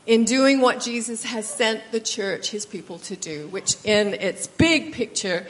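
A woman's voice: on the high side, a little slow. Australian woman speaking thoughtfully. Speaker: guest speaker, missionary. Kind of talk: church interview. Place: church sanctuary.

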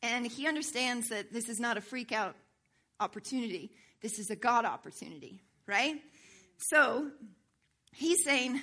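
Woman preaching, bright tone, pitch on the high side, keeps asking amen? and okay?. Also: measured pace. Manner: animated, asks the congregation for agreement. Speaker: worship pastor. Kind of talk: sermon reading and explaining scripture.

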